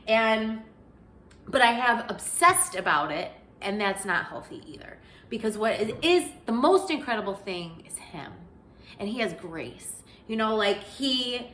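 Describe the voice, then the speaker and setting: A woman's voice: mid-range voice, fairly bright tone, slight background noise. Earnest woman in an echoey room. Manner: earnest, rambling, heavy on "like" fillers. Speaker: lifestyle vlogger. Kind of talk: casual faith-based chat.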